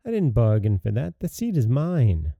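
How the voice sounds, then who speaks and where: Man doing bold carefree storybook youth, gravelly, dull muffled audio, soft music. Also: mid-range voice, wildly swooping pitch, moderate pace, dry recording, exaggerated voice. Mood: cheeky. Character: fearless cheerful young man, the youth.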